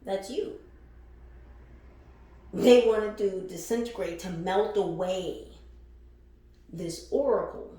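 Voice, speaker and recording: Woman spiritual reader: slow, blunt and profane, laughs often, recorded in a very echoey room. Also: medium pitch, dark tone. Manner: emphatic, repeats phrases for effect. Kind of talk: casual spiritual reading to camera.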